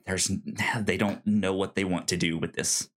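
A man co-hosting a video game podcast, talking casually with many restarts and hesitations. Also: deep voice. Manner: lively, laughing, halting restarts. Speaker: podcast co-host. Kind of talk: casual chat.

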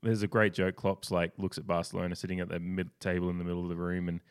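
A man co-hosting a casual sports podcast, telling stories in a rambling, animated way with lots of restarts. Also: deep voice, fast, clear, resonant tone. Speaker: podcast co-host.

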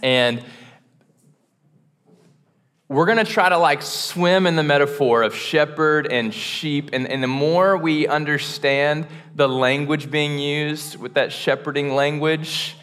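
A man's voice: fairly high pitch, takes it slowly, clear, resonant tone. Casual, joking man preaching in a hall. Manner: relaxed, self-deprecating, chatty with frequent fillers and restarts. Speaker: pastor. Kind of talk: casual sermon. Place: church auditorium.

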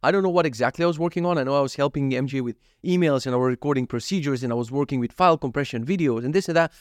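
Racing along at a medium pitch, this thirtysomething vlogger narrates his day with plenty of swearing and acted-out thoughts. The sound is dry and studio quality.

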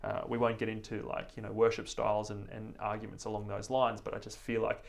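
A man's voice: lowish voice, little pitch movement, brisk, vocal fry. A man co-hosting a Bible lesson commentary, speaking in an earnest, reflective way during casual religious discussion.

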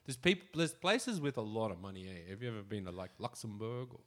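A man's voice: on the low side, animated, a little fast, fairly bright tone. A man co-hosting a podcast, rambling casually and swearing freely. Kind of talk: casual chat.

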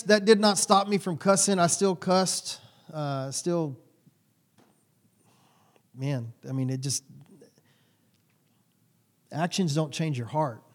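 Folksy preacher man in his forties. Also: a little high. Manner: folksy storytelling with sudden loud bursts. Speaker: pastor. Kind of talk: sermon.

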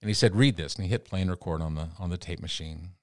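A middle-aged man from the Texas panhandle spins animated anecdotes and acts out the voices of other people as he talks. His voice sits low, and he often restarts a phrase. He is recorded close on a dry studio mic. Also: rapid-fire, no echo. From Amarillo, Texas area. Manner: animated anecdotes full of quoted dialogue, frequent restarts. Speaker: interview guest, radio broadcaster. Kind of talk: casual storytelling.

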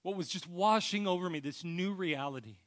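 Pastor, male, earnest preaching; light, higher-pitched voice that drops soft at the ends of thoughts. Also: brisk. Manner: earnest personal storytelling; often trails off to a soft low voice. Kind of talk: sermon.

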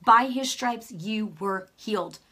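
A middle-aged woman shares a religious testimony with a bright, forceful voice. Her telling is fervent and emotional. It swings between soft, hushed passages and loud, impassioned declarations. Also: mid-range voice, slow. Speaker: speaker giving a testimony. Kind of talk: testimony sermon.

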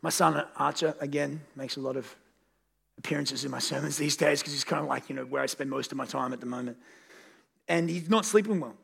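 A man's voice: medium pitch, brisk, vocal fry, fairly bright tone, slightly rough. A man in his thirties preaching a sermon as a pastor, conversational and candid, rising to emphatic peaks on key points. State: tired.

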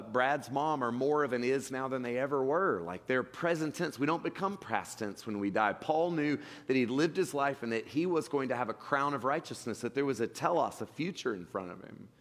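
A man preaching a sermon in a relaxed, conversational way, often restarting phrases as he talks. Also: medium pitch. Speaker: pastor. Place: church sanctuary. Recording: long hall reverb.

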